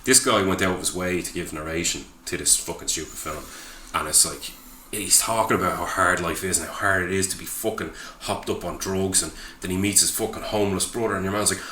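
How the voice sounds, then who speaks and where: Irish male co-host, low and bright, sweary ranter, echoey room. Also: fairly even intonation, fast talker. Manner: sweary, ranting. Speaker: podcast co-host. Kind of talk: casual podcast chat. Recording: echoey room, faint background hiss.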